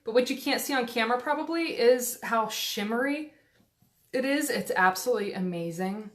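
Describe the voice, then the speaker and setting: A woman's voice: on the high side, moderate pace. A woman chatting through a casual makeup tutorial, rambling and self-deprecating with lots of fillers, recorded on a phone at home. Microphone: phone camera.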